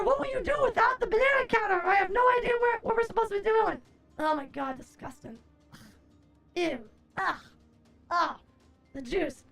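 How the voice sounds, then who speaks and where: A woman streamer chatting casually, answering chat aloud, groaning, swearing and expressive. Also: very high-pitched, gravelly. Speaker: livestreamer.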